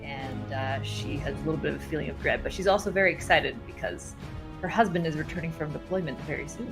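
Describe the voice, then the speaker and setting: Woman player, low voice, hesitant, music clearly behind. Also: quick pace. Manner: hesitant, thoughtful. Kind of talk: tabletop game chat.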